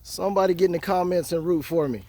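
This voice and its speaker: A fast-talking man with a high, slightly mellow voice vlogs about his fishing by a river in a snowstorm. He keeps it casual for viewers and jokes about himself.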